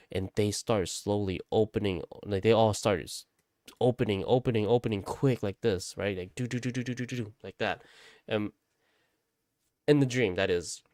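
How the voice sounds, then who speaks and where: Smooth low-voiced man telling a spooky story. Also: normal speed, darkish tone, no echo, studio quality. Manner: rambling, swears often, repeats himself. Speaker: vlogger.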